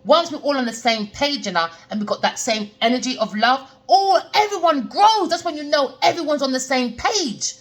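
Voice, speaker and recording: A woman's voice: high-pitched, expressive, normal speed, few pauses. A woman giving a spoken tarot reading, blunt and slangy, repeating her points to lecture the viewer. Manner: emphatic, repetitive, lecturing the viewer. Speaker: tarot reader.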